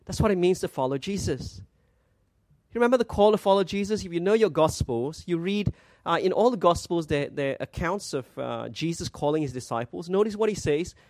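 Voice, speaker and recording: A male pastor delivers an earnest sermon, pausing for rhetorical questions and scripture quotations. His voice is high for a man, and the recording is dry and close with no room sound or echo.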